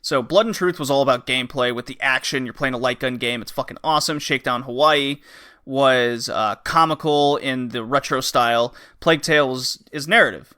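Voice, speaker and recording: A man's voice: medium pitch, a little fast, pushed and bright, clean tone. A man hosting a podcast who chats casually about a game, rambling and acting out the characters' lines. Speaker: podcast host. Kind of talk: casual game review chat.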